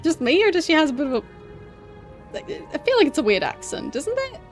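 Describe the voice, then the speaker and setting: A young woman streaming a game, chatting casually in English, which is not her first language, with frequent laughs and halting restarts. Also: high voice, sing-song, faint music behind. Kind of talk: casual gameplay commentary.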